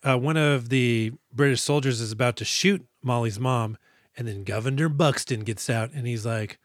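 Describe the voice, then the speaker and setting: A man's voice: medium pitch, normal speed, dry recording, clean studio sound. A man co-hosting a movie podcast, joking casually, swearing and acting out scenes. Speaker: podcast co-host.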